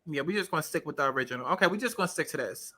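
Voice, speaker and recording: A commentary vlogger with a deep, expressive voice talks very fast in a sharp tone. She gives casual, profane commentary on a reality-TV clip, scrubbing through it while speaking straight to her viewers and repeating points for emphasis.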